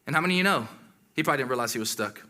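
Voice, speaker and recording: A man preaching a sermon in a lively, conversational way, with exclamations and asides to the congregation. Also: mid-range voice, rapid-fire.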